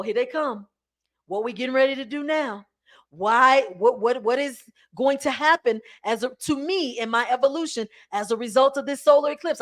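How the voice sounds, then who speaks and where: A woman hosting a live spiritual talk, preaching to her listeners in an animated, coaxing way. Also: on the high side. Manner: preachy, animated, addresses listeners as y'all and baby. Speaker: spiritual livestream host. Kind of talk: spiritual teaching to a live audience.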